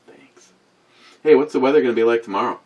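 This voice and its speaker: A man's voice: mid-range voice, rapid-fire, darkish tone, slightly rough, highs cut off. A man in his sixties hosting a beer review in casual chat to camera, rambling and profane, with wisecracks and asides to a voice assistant. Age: 60s. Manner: talks back to a voice assistant.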